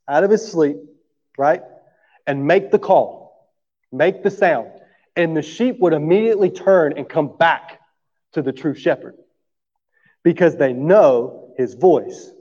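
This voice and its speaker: A male pastor with a fairly high, dark-toned voice preaches a sermon in a church sanctuary, speaking easily and conversationally to the congregation and often checking in with "right?". He coughs now and then throughout, and the recording sounds dull with long hall reverb.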